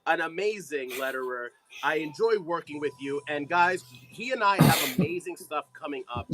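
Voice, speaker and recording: A man co-hosting a comic livestream, excitable and effusive, often laughing. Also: on the high side, normal speed, rough recording. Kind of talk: casual livestream chat. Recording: music playing in the background. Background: music.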